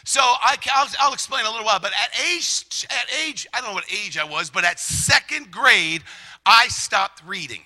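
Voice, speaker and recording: A middle-aged man preaching a lively testimony sermon, shouting and animated, acting out quotes as he tells the story. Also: high-pitched, moderate pace, rough recording.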